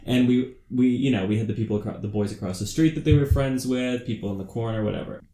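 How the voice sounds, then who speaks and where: A man co-hosts a loose comedy podcast, animated and playful, with a middling voice. His words ring out in a roomy echo. He tells neighborhood stories with plenty of jokes. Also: medium pitch, fast talker. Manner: animated, jokey, acts out quotes. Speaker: podcast co-host. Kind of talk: casual comedic chat.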